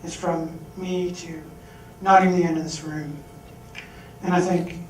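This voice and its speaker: A man telling a personal story on stage, animated, acting out the voices he quotes. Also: fairly high pitch, a little slow, a little hiss or hum. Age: adult. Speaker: speaker. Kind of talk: storytelling talk. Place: large hall. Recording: echoey hall from far off.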